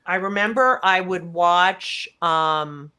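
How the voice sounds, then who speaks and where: An older woman from New Jersey, a comedian guest in casual chat, brash and swearing, quick to laugh. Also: on the low side, bright, forceful tone, clear, resonant tone.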